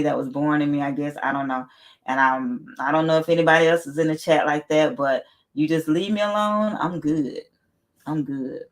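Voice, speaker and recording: Blunt, laughing woman livestream host. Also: sits low. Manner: blunt, laughs often, repeats herself, swears casually. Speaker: livestream host reading chat. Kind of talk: casual livestream chat.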